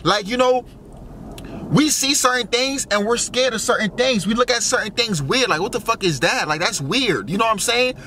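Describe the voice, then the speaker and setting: A man's voice: very high-pitched, animated, moderate pace, pushed and bright, a little hiss or hum. A young man rambling through a casual monologue, wondering aloud with lots of fillers and swearing. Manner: musing, full of fillers and profanity, wondering aloud. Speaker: vlogger.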